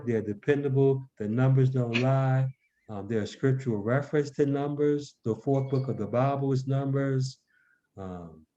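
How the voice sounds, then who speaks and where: A man from Baltimore, a numerologist guest on a podcast, speaking in a measured way. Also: mid-range voice, warm tone. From Baltimore, Maryland. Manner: measured, spells out web addresses slowly. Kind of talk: podcast interview. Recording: dull lo-fi audio.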